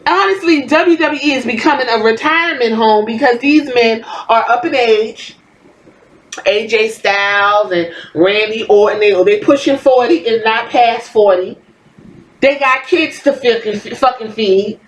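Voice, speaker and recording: A woman's voice: fairly high pitch, measured pace, a little hiss or hum, rough recording. A woman hosting a podcast, delivering a heated, profane commentary rant in a blunt, fiery way. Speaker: podcast host.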